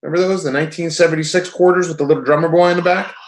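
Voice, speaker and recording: A man's voice: on the high side, steady tone, racing, a little hiss or hum. A man in his forties, a guest in a casual chat, talking in an easygoing way. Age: 40s.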